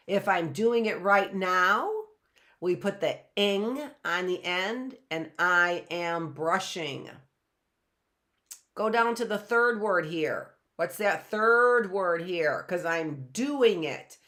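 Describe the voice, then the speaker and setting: A middle-aged woman leads a live phonics lesson at an unhurried, deliberate pace. Her voice sits a little low, and she repeats each word patiently for young children. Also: a bit bright. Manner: patient, repeats words slowly for young learners. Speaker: teacher.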